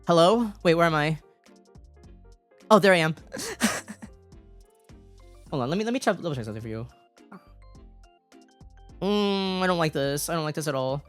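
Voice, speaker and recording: A woman's voice: low voice, lively intonation, a little slow, pauses often, soft background music. A woman streamer chatting live with her viewers, giggly and flustered, often repeating herself in a cutesy, playful way. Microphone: desk microphone.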